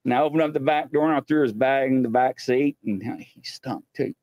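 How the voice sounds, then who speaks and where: A man's voice: mid-range voice, a little fast, hardly any pauses, no echo. A middle-aged man from the United States hosting a show, telling stories casually and acting out the voices of the people in them. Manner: animated, acts out voices while telling stories. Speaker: host. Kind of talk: casual storytelling.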